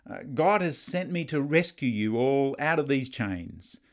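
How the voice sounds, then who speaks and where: A preacher voicing Moses as a reluctant man arguing casually with God, higher and livelier than his own voice. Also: a little slow. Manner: casual, joking, higher and animated.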